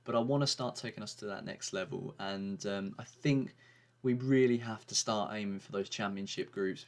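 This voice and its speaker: A man giving a casual, rambling commentary on his video game season, with frequent fillers and restarts. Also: fairly low pitch. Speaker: gaming YouTuber.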